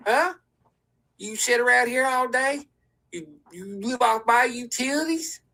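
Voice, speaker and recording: A frail old granny on oxygen, nagging and wailing in a high, piercing voice, as a man puts her on for a comedy skit. Her tone is bright and sharp, and her complaints come out in dramatic cries. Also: unhurried, heavily acted.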